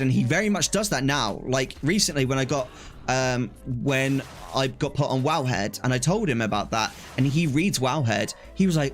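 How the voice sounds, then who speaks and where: On a live stream, a young man with a mid-range voice chats casually and tells stories with lots of energy, performing the back-and-forth of conversations and laughing a lot.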